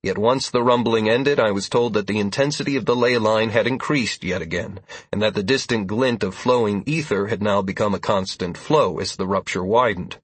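A man narrating a first-person fantasy audiobook in a measured, even storytelling manner, with a husky voice. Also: on the low side, no room sound.

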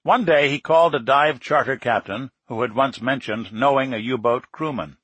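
A man reading a nonfiction story aloud in steady, measured scripted narration. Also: mid-range voice, slightly rough, no room sound. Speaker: audiobook narrator.

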